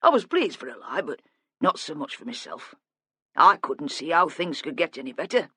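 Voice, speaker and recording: A subdued, plain-spoken older father, as a narrator voices him, weighed down by guilt and pausing as he remembers. The voice sits lower and softer than the narration, close and dry. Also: big pitch swings, slightly rough, no echo, exaggerated voice. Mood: reminiscing. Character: grieving older father, quiet and guilt-ridden.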